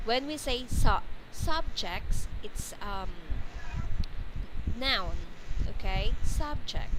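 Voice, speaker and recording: A woman's voice: a little high, background noise. A woman teacher giving a one-to-one English pronunciation lesson, patiently modeling and correcting words.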